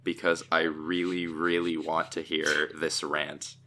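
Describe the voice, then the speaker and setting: A man's voice: a bass voice, flat delivery, a little slow, pushed and bright, slight background noise. A man co-hosting a casual podcast, chatty and teasing, often stumbling over his words. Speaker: podcast co-host.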